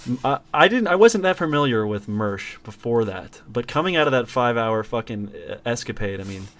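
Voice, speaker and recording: A man in casual conversation, talking bluntly in quick bursts and swearing freely. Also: mid-range voice, animated. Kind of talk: casual chat.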